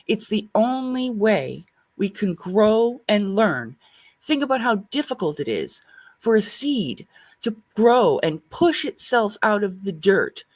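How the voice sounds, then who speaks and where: Earnest woman musing on spirituality. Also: medium pitch. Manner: earnest, reflective. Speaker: guest. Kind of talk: casual spiritual discussion.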